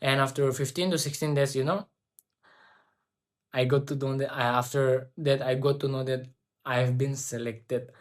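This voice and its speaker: A woman's voice: a bass voice, fairly even intonation, moderate pace. A young woman tells a personal story, rambling with many fillers and restarts. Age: young adult.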